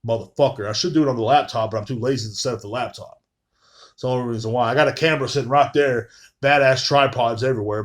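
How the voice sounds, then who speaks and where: A man's voice: mid-range voice, fast talker. A man hosts a live podcast from a room at home, talking into his phone in a loose, rambling monologue. He swears constantly and keeps circling back with fillers as he chats. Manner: profane, rambling, frequent filler phrases. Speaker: podcast host.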